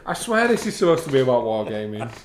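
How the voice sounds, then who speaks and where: A man's voice: mid-range voice, very animated, fast talker. A man from Ireland co-hosting a live hobby stream, chatting casually, reading viewer comments aloud and laughing easily. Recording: roomy with faint background noise.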